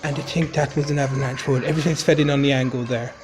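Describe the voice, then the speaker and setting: This man's medium-pitched voice is steady, fast, pushed down, and close to everyday speech, with a noisy background. Using a fake Irish accent, he delivers wry, amused running commentary over a silent craft video in mock silent-movie style, chuckling and muttering "Jesus" often.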